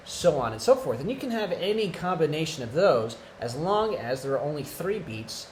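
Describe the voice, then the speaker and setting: A man's voice: on the high side, big pitch swings, normal speed, hardly any pauses, very noisy. A man teaching a church music lesson, explaining patiently, counting beats aloud, and often asking "right?". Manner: conversational, frequent "right?".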